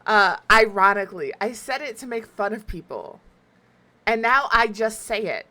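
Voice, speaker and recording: Young woman streamer, bright voice, rambling casual chat, self-mocking. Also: mid-range voice, lively intonation, moderate pace. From Southern US. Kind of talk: casual chat while gaming.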